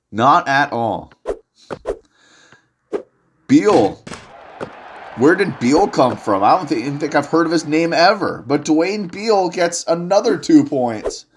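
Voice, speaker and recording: With a faint hiss or hum on the recording, a fairly high-pitched young man narrates a video game basketball game by himself. He jokes around, gets excited, and yells when the big plays land.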